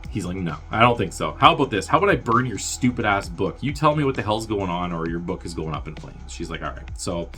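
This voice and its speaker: Low-voiced man rambling through a movie recap. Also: animated, fast talker, few pauses, fairly bright tone, soft background music. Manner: rambling, filler-heavy, offhand and wry. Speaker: movie review podcast host. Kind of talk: casual solo movie recap.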